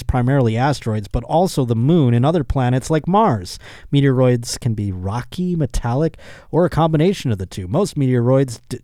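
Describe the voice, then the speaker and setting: A male podcast host reads a news story and keeps breaking off to joke about it, laughing along the way. His voice is warm and relaxed, in a mid-range pitch. The sound is dry and close. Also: dry recording. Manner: joking, riffs on the article, laughs often. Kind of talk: casual comedic chat, reading news aloud.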